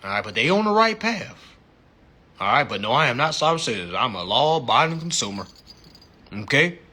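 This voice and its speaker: A man hosting a casual livestream chat, animated and profane, laughing often and peppering his talk with slang. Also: medium pitch, a little fast. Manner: slangy, repeats "you know what I'm saying". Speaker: livestream host.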